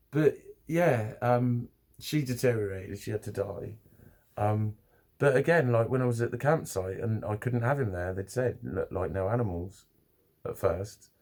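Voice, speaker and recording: A man's voice: mid-range voice, a little mellow. Rambling, swearing man. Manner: rambling, swearing, many restarts and fillers. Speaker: vlogger. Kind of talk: casual rambling vlog to camera.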